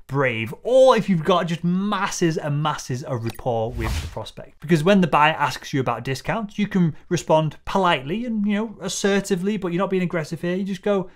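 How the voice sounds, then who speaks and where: A man's voice: sits high, lively intonation, moderate pace, hardly any pauses. A man teaching sales, talking in a confident, coaching way and acting out short exchanges between buyer and seller. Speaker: sales trainer. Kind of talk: scripted sales tutorial to camera.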